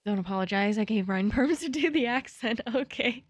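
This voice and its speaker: A woman's voice: on the high side, animated, a little fast, no echo, clean studio sound. A young woman streaming a game live, reading its text aloud and chatting playfully, jittery when spooked.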